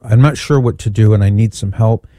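A man's voice: on the low side, mellow, no echo, clean studio sound, natural voice. A man quoting a frightened young pregnant woman, stammering and hesitant, in a slightly raised voice. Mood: scared. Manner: halting, stammering.

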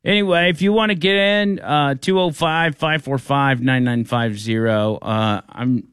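A man's voice: mid-range voice, unhurried, fairly bright tone, clear, resonant tone, dry recording, clean studio sound. A man hosting a talk radio show, chatting loosely and rambling from topic to topic. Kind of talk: casual talk radio chat.

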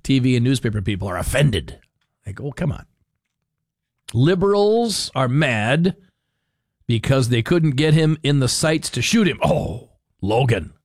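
A man's voice: mid-range voice, big pitch swings, moderate pace, no room sound. A man hosting a talk radio show, rambling wryly through the news with frequent chuckles, into a studio microphone. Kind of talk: casual talk radio commentary.

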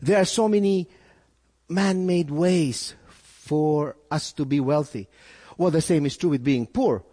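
A male pastor preaching a sermon, with animated delivery, sudden rises in pitch and frequent repeated words. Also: a little slow, big-room sound.

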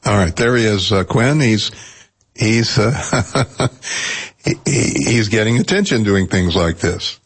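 Very low, husky male radio host. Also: expressive. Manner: measured, informative, with fillers. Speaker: radio talk show host. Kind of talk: radio talk and political analysis.

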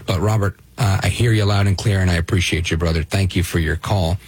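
Brief: male radio host from Brooklyn, low gravelly husky voice, dry studio sound, emphatic. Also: steady tone, fairly quick, no echo. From Brooklyn, New York. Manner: emphatic, restarts and rhetorical "right?". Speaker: radio talk show host. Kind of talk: call-in talk radio.

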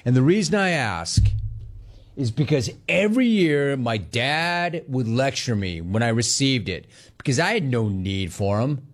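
A man in his forties hosts a casual sports talk show and reacts to his live chat. His voice is very lively and swings up and down as he tells stories, with quick asides in between. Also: mid-range voice. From Los Angeles area.

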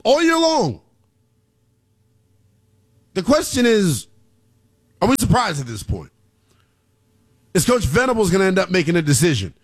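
A man's voice: sits high, big pitch swings, normal speed, long pauses, husky. A man hosting a college football talk show, brash and emphatic, repeating lines for punch. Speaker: sports show host.

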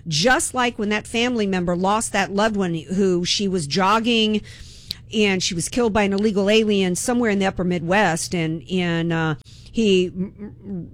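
A woman hosting talk radio, delivering an impassioned, indignant political monologue and repeating words when worked up. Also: mid-range voice.

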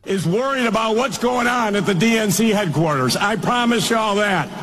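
An older man delivers an emphatic political speech in a folksy way. His voice sits quite high for a man. The clip rings with long hall reverb, and faint room noise hums underneath. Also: normal speed, fairly bright tone.

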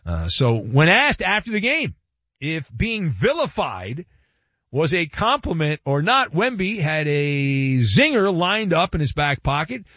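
A man hosts a sports talk radio show, riffing playfully with asides and repeated words. His slightly high voice swings widely in pitch. The studio sound is dry and a bit dull. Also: unhurried, no echo. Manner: animated, wry and playful, with asides and repetition. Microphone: studio microphone.

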